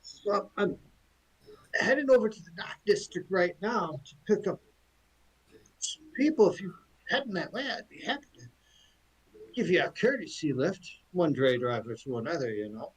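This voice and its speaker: Casting: man playing a chatty, good-natured cart driver, pitched up, husky. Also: very animated, normal speed, long pauses, heavily acted, poor audio. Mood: friendly. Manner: folksy, chatty. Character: friendly male dray driver.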